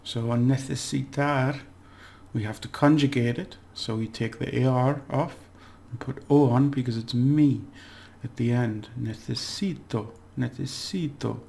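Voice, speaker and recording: A man giving a relaxed, chatty language lesson, slowly repeating words for practice and laughing at his own slips. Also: mid-range voice, creaky, a little hiss or hum. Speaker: language teacher. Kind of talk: casual spoken language lesson.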